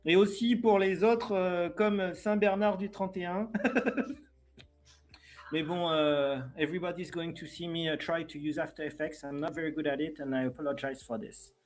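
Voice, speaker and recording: A man's voice: fairly high pitch, moderate pace. A man with a French accent chatting casually on a live stream, hesitant and self-deprecating.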